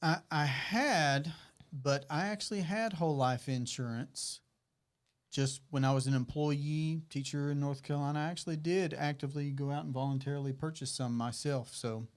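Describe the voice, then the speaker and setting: A man's voice: fairly high pitch, moderate pace. A man co-hosting a finance talk show in a studio, mostly giving short affirmations and the odd dry joke. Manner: brief affirmations, dry jokes. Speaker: co-host. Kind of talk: casual studio chat.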